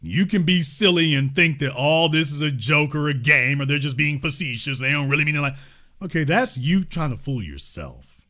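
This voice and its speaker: A man from Louisiana hosting impassioned political commentary, emphatic and repetitive, dropping from loud to hushed. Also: a little high, expressive, moderate pace. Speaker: host.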